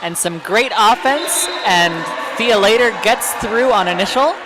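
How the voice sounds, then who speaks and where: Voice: mid-range voice, a little slow, crowd noise. Chatty roller derby co-commentator. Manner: casual, chatty, explains play. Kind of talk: live color commentary. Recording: noisy venue background.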